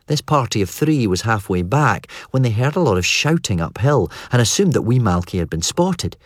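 Male audiobook narrator, low-pitched, dry studio sound. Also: no echo. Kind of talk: scripted narration.

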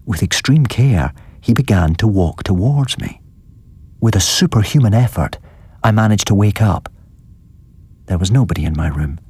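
Deep, husky man reading a story. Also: a little mellow, no room sound. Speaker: narrator.

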